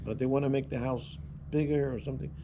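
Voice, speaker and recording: A man's voice: mid-range voice, fairly even intonation, fast, noisy background. A man vlogging, telling rambling anecdotes in a casual way, with restarts and chuckles. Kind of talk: casual storytelling.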